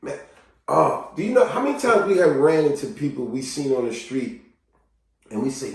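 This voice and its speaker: A man giving a casual motivational talk to camera, animated, acting out cheerful greetings and quiet sad confessions. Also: normal speed, gravelly, recorded from a distance. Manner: animated, acts out greetings in a higher voice and sad confessions in a low murmur. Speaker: vlogger. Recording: very echoey room, voice from off mic.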